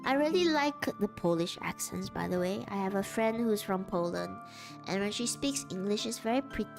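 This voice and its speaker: A woman's voice: mid-range voice, lively intonation, moderate pace, gravelly, over music. A woman chatting casually on a live stream, rambling and laughing often.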